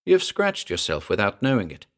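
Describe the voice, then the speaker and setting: Male reader as uneasy young friend, forced calm, low voice. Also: moderate pace, exaggerated voice. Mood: unconvincing reassurance. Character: young man, puzzled friend trying to stay calm.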